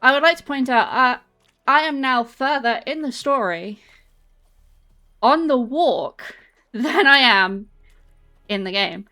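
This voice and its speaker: Bright-voiced English woman streaming while walking. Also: high voice, animated, slow pace, pauses often, soft background music. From England. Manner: chatty, reads chat aloud and answers it; walking on a treadmill while talking. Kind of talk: casual livestream chat. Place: home, on a treadmill.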